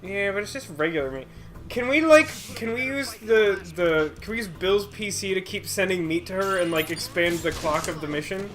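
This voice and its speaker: A man joking sarcastically while commenting on a video game with friends. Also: high voice. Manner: joking, sarcastic, quick to laugh. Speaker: let's play co-commentator. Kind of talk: casual gaming chat. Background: game music.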